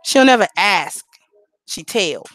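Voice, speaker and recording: A woman holds forth on her live stream in a blunt, profane, preachy way. Her voice rises and falls through a lively range. The sound is dry and close, with no room echo. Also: medium pitch, slow pace, faint music behind. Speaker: livestream host. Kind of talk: casual live-stream talk.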